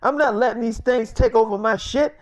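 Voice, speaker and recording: A man voicing a hot-headed, stubborn, foul-mouthed middle-aged man who shouts and argues. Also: extremely high pitch, fairly quick. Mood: angry. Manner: shouty, profane, indignant.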